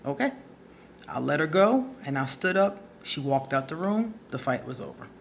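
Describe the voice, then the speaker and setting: In this casual storytelling monologue, an advice vlogger responds to a subscriber, her low, expressive voice moving at a moderate pace. She's blunt and profane, laughing frequently as the story unfolds. There's slight background noise.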